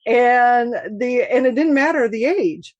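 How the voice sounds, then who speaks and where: A woman from Michigan chatting as an author guest in an interview, animated and laughing often as she tells stories. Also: fairly high pitch, unhurried, no echo, dull audio. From Michigan, USA. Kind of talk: casual interview chat.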